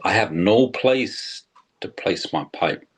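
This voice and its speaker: An older man voicing the first man adrift on the water, pleading slowly and earnestly for earth. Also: low voice, expressive, husky, full character voice.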